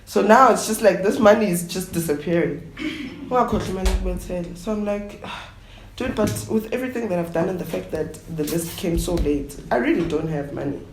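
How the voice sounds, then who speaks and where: A woman traditional healer from South Africa, telling her story at a roundtable in an animated way, often acting out what others said. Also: on the low side, normal speed. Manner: code-switching, animated retelling with quoted voices. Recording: echoey room with faint noise.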